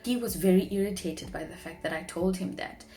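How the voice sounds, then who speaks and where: A woman's voice: lowish voice, a little fast, mellow, soft background music. A young woman speaking earnestly to camera in a personal vlog, sharing heartfelt reflections. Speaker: vlogger; marketing professional.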